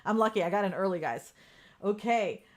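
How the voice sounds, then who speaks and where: Woman host, frank and swearing, live coaching chat, mid-pitched. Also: expressive, fairly quick. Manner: candid and profane, laughs often, reads out viewer comments. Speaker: podcast host. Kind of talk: casual live-stream coaching talk. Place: home room with ring light.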